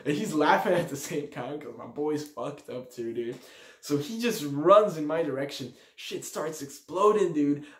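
A man's voice: fairly high pitch, measured pace, roomy sound. A young man casually telling a party story, full of slang and acted-out quotes. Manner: slangy, animated, acts out quotes. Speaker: storyteller vlogger.

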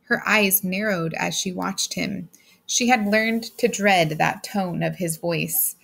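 A woman reading a short story aloud as a steady, plain narrator. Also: on the low side, takes it slowly, creaky. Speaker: audiobook reader. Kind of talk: scripted narration.

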